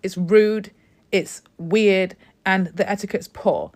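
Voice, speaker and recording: A woman's voice: medium pitch, steady tone, slow, a little mellow. Sassy, emphatic woman telling a story. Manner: emphatic, lecturing, sassy asides. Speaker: host. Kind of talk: opinionated storytime.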